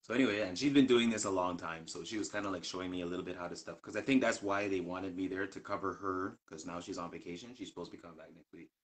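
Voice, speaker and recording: A man's voice: deep voice, fast talker, few pauses. A man in a casual live chat, telling a long work story in a rambling way, full of fillers and restarts.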